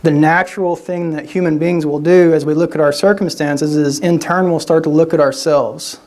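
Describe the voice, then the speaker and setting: A man's voice: fairly high pitch, steady tone, normal speed, darkish tone. Man preaching in a conversational style. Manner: conversational preaching with frequent "right?" tags and restarts. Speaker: guest speaker. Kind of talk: sermon.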